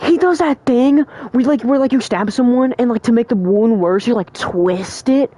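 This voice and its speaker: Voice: mid-range voice, sing-song, moderate pace, few pauses, darkish tone, dry recording. A young adult streamer talking casually and emotionally, full of fillers like "like" and "bro". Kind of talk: casual livestream chat.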